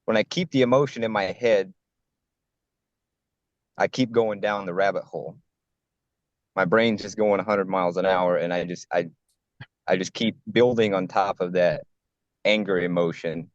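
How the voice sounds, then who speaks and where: A man's voice: low-pitched, fairly even intonation, moderate pace, long pauses, dry recording. A man on a group call explaining his habits, hesitant and searching for words. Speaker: call participant, tradesman. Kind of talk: casual chat on a call. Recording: dull, lo-fi call audio.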